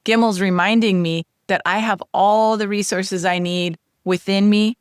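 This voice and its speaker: A woman hosting a podcast lesson, sharing a personal testimony in an earnest, animated way. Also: medium pitch, measured pace, clean tone, dry recording, clean studio sound. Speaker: podcast host teaching Hebrew letters.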